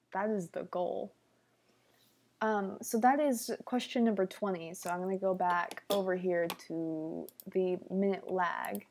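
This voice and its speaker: A young woman chats slowly and easily through a livestream Q&A, her voice mellow and soft-edged. She jokes with viewers and keeps slipping into quiet, whispered asides, talking into a computer mic. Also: mid-range voice. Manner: playful, jokey, drops into whispered asides. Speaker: livestream host. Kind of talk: casual Q&A livestream chat.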